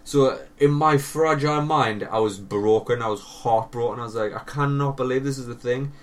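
A man's voice: medium pitch, moderate pace, recorded from a distance. Sweary man telling a story on a podcast. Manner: sweary, laughing, drops voice for quoted lines. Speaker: podcast co-host. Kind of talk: casual storytelling chat.

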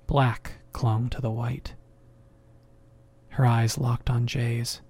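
A man narrating a horror story in a measured voice that sinks into whispers. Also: medium pitch, little pitch movement, a little mellow, slightly rough. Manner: slow, measured, dropping to whispers.

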